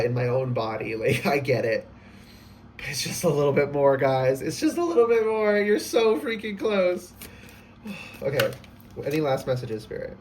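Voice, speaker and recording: A man giving a casual spoken tarot reading, excitable and emotional, gushing and laughing often. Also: medium pitch, far from the mic, a little hiss or hum. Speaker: tarot reader.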